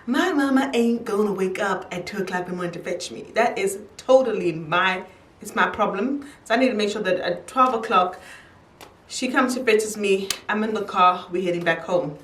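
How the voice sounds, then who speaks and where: A woman's voice: mid-range voice, normal speed, a bit bright, recorded from a distance, slight background noise. A young woman chatting casually to camera while doing her makeup, telling a story and laughing easily. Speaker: beauty vlogger. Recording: echoey room, voice from off-mic.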